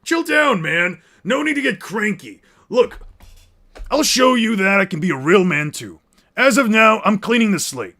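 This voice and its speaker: A man's voice: high-pitched, big pitch swings, normal speed, voice pushed up, exaggerated voice. A man voicing a brash, hot-tempered cyborg shipwright in a fan reading of a comic scene. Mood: blustering. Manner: brash, yelling threats.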